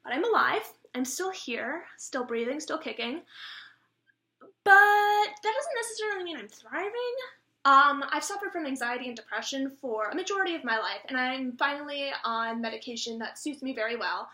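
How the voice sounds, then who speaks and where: A woman's voice: high voice, lively intonation, a little fast, hardly any pauses, pushed and bright, reverberant. A twenty-year-old woman, an actress, giving a blunt, self-deprecating improvised comic monologue for a self-tape. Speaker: actress auditioning. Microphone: camera mic of a self-tape.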